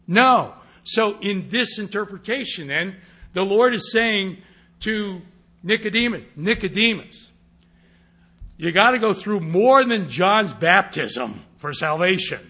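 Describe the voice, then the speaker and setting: A man's voice: high voice, bright, forceful tone, slightly rough. A man teaching a class on interpreting scripture, speaking emphatically and often checking that his listeners follow. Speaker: Bible teacher.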